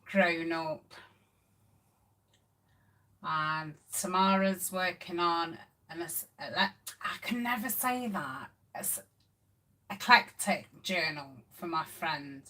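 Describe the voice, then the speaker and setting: A woman's voice: fairly low pitch, pushed and bright. A middle-aged woman hosting a casual craft live stream, chatting with viewers and reading their comments with plenty of ums. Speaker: craft channel host.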